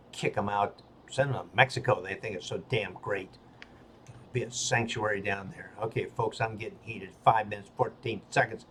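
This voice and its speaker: Older man, angry rant, blunt, halting fillers, faint background hiss. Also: fairly low pitch, fairly bright tone. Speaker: political vlogger. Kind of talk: ranting monologue.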